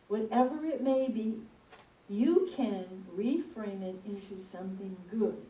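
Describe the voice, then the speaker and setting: A woman speaking from the pulpit, telling a personal story in an animated, conversational way. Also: medium pitch, a little slow. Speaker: speaker at a spiritual center. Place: church hall. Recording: echoey room, mic at a distance.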